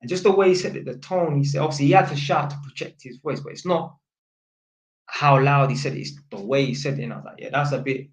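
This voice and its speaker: A man's voice: mid-range voice, fast, reverberant, low-quality recording. A young man telling a story in casual slang, acting out the voices of the people in it. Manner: animated, acts out voices, heavy London slang.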